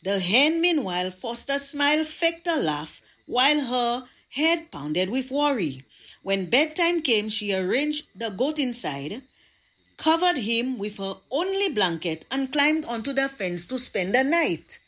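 Woman reading a morning devotional on radio, animated voice, kinda high. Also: unhurried. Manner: expressive storytelling. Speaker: devotional presenter.

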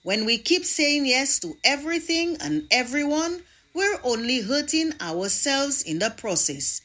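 Woman devotional presenter, scripted, lively and expressive reading. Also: high voice, a little slow. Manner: expressive storytelling.

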